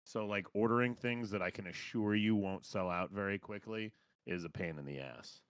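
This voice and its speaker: A man's voice: on the low side, normal speed, clear, resonant tone, no echo. A man on a voice chat answering questions in a dry, sarcastic, blunt way. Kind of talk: casual chat.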